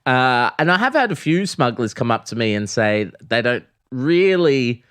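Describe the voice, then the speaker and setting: A man's voice: medium pitch, sing-song, normal speed, a bit bright, clear, resonant tone. A man with an Australian accent, co-hosting a casual comedy sports podcast and teasing playfully. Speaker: comedian co-host.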